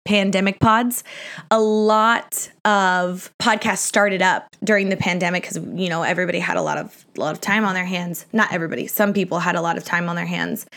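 A woman's voice: mid-range voice, fairly bright tone. A young adult woman hosting a history podcast, answering listener questions in a casual, chatty way, laughing often and poking fun at herself. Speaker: podcast host. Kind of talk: casual Q&A chat.

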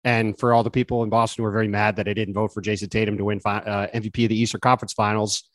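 A man's voice: on the low side, flat delivery, rapid-fire, dry recording. A middle-aged man co-hosting a casual sports podcast, wry and teasing as he chats. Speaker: podcast co-host, reporter.

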